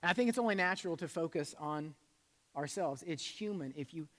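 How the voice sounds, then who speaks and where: A male pastor preaching a sermon in a conversational way, shifting between loud emphasis and soft asides and leading the congregation in call-and-response. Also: on the high side, lively intonation, fairly quick. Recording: long hall reverb.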